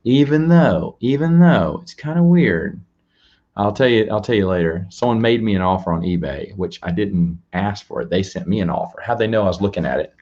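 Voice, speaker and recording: A man's voice: deep voice, quick pace, few pauses, darkish tone, muffled recording. A man hosting a casual live stream, rambling, restarting his words and chatting directly with viewers. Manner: chats to viewers and reads out donations. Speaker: live-stream show host.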